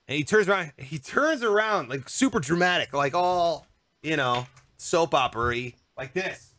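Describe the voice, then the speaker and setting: A young man co-hosting a podcast, telling a story in a casual, animated, joking way and acting out what people said. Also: sits high, normal speed, dry recording, studio quality. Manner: animated, jokey, acts out quotes. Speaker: podcast co-host.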